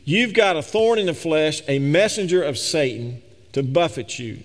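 Man preaching in a reverberant hall. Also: lively intonation. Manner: rising to emphatic peaks, then dropping low and slow for scripture. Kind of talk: sermon. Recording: long reverb of a large hall.

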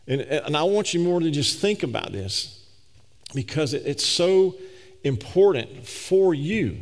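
A very animated man preaches a sermon in a large hall with long reverb. He builds to emphatic peaks, then drops low and slow when reading scripture.

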